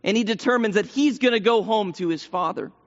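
A man's voice: sits high, a little fast. A man preaching a sermon in a church, earnest and repeating phrases for emphasis. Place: church sanctuary. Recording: long hall reverb, dull lo-fi sound.

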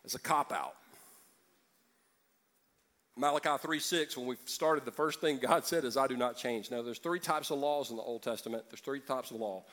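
A man's voice: medium pitch, moderate pace, fairly bright tone. A man preaching a sermon as pastor, joking and acting out voices from the congregation.

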